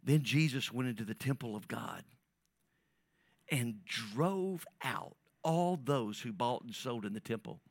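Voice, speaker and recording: Preaching to his congregation, a pastor speaks conversationally at a measured pace in a medium-pitched voice with lively intonation. He moves between near whispers and loud emphatic peaks, often repeating and restarting, with no room sound.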